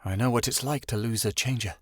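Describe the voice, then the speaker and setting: A man voicing a sharp-tongued, irritable young pregnant woman who talks in a sharp, scolding way. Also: medium pitch, a little fast, no room sound, studio quality, close to an everyday voice. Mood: gentle.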